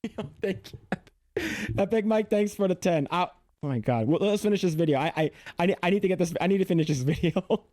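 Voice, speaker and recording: A man with a rather high voice reacts to a video on his livestream, swearing freely and circling back over his own words in disbelief. His outbursts are blunt and exasperated. The sound is dry and close, with no room echo. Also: a little fast, dark tone. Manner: profane, exasperated, repeats himself. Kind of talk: casual reaction commentary.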